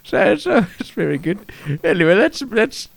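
A man co-hosting a comedy podcast, telling rambling stories in a halting way with many restarts. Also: sits high, sing-song, vocal fry, no echo. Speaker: podcast co-host. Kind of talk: improvised comedy banter.

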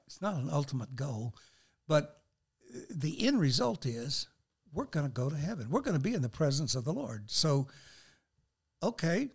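A man's voice: on the high side, gravelly, breathy edge. An older man, a guest on a faith talk show, speaking earnestly and quoting scripture as he shares. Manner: earnest, animated, quotes scripture.

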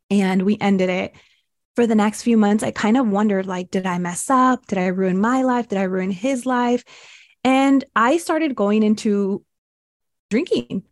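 A woman's voice: mid-range voice, darkish tone, no room sound. Earnest woman telling her story, dry sound. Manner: earnest, acts out her own past thoughts in quotes. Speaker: podcast guest, breathwork mentor. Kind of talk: casual interview storytelling.

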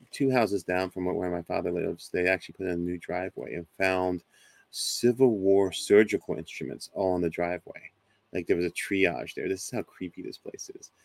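A man in his forties casually telling a ghost story as a guest, animated and acting out other people's voices. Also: low-pitched, creaky, dry recording. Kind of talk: casual storytelling on a talk show.

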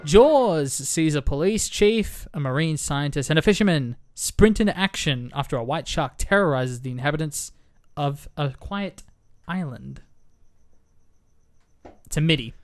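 A man co-hosts a casual film podcast, talking in an animated, joking way. His voice sits a little high. He sometimes trips over his words. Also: a little slow. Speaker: podcast co-host.

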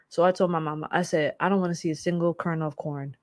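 A young woman vlogging, telling a story in a casual, dramatic and animated way with lots of slang. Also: on the low side, fast talker, no echo. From United States.

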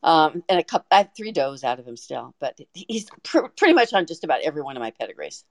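A woman guest on a podcast, telling a story in an excited, animated way with frequent restarts. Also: deep voice, quick pace, no echo. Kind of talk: casual storytelling.

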